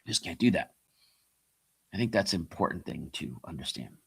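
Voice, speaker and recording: Motivational host, middle-aged man, forceful bright voice, calls the audience "guys.". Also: deep voice, animated, a little fast, creaky, breathy edge. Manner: repeats key phrases, asks rhetorical questions; addresses listeners as guys. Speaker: podcast host and coach. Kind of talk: motivational monologue.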